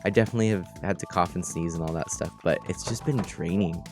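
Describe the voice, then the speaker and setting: A man's voice: low voice, fast talker, faint music behind. Tired, laughing man on a game stream. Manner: rambling, animated storyteller who laughs often. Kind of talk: casual gaming-stream chat.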